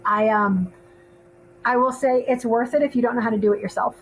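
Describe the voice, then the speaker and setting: A woman's voice: fairly high pitch, fairly even intonation, brisk, rough recording. A woman in her thirties, a filmmaker co-hosting a podcast, chatting casually with lots of ums. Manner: chatty, laughs often, many ums. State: hiccups. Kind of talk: casual panel chat.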